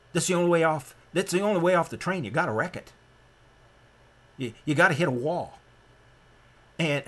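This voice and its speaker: A man from Nebraska giving a sermon-style lecture, emphatic and rambling, often restarting his sentences. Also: fairly bright tone. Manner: emphatic and rambling, with frequent restarts and sudden rises in pitch.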